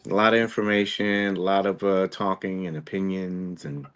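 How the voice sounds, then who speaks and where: Relaxed male podcast host, low-ish voice, easygoing and repetitive. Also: moderate pace, clean tone. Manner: relaxed, repeats phrases. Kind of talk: casual chat.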